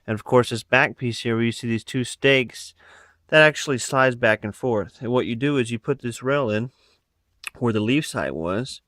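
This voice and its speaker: A man's voice: medium pitch, normal speed, fairly bright tone, no room sound, clean studio sound. A man casually showing off his rifle add-ons, rambling with lots of fillers, filmed on a phone. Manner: rambling, many fillers and asides. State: out of breath. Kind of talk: casual show-and-tell. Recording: phone recording.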